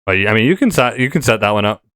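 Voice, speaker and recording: Smooth-voiced man hosting a casual chat. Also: on the low side, lively intonation, rapid-fire, fairly bright tone, dry recording. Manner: rambling, with many fillers and restarts. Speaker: podcast host.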